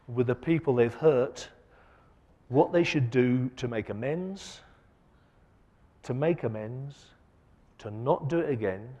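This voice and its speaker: A man giving a conference lecture, asking the audience rhetorical questions with an emphatic delivery that swings between loud and soft. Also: medium pitch, muffled recording. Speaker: keynote speaker. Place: large conference hall. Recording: long hall reverb.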